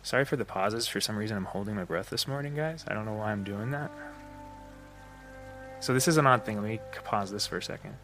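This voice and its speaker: A man's voice: lowish voice, fairly quick, a bit bright, faint music behind. A man hosting a solo podcast, thinking aloud with fillers and restarts, his breath slightly shaky and short. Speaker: podcast host. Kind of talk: unscripted solo podcast talk.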